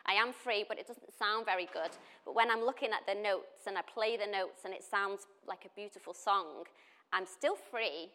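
Woman, casual sermon, chatty storytelling, bright voice. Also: medium pitch, normal speed. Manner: chatty storytelling, laughs often. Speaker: pastor.

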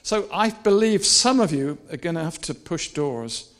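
A man preaching a sermon in a high voice at an unhurried pace. He moves between quiet, chatty asides and loud, repeated rallying calls, laughing along with the congregation. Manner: animated, shouting and laughing with the crowd.

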